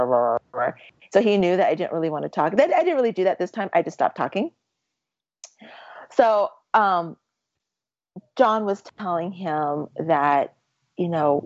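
A woman telling a long story in casual chat, rambling and animated, with many fillers and restarts. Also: sits low, dry recording, highs cut off.

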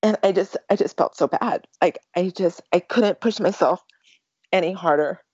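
A woman telling a long personal story about a race as a guest, talking in halting bursts with many restarts and becoming tearful at times. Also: on the low side, a little mellow, husky, dry recording. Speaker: ultramarathon runner guest. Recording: dry, dull lo-fi audio.

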